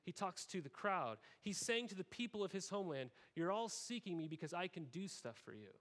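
A man in his thirties with a voice pitched above the usual delivers a casual, talky sermon. He keeps checking in with the congregation through "right?" and slips into little voices for the people he quotes. He is from Oregon and preaches as a pastor. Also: very animated, fairly quick, fairly bright tone. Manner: conversational, frequent "right?" tags, acts out quoted voices.

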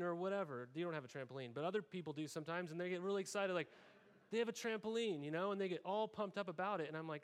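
A man's voice: fairly high pitch, fast. A man in his thirties from Oregon preaching a conversational sermon as pastor, often tagging "right?" and acting out quoted voices.

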